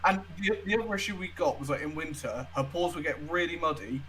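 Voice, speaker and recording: A man's voice: a little high, fast talker, over a noisy crowd, poor audio. Chatty young man telling stories. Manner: chatty storyteller, swears freely. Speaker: podcast co-host. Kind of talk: casual chat.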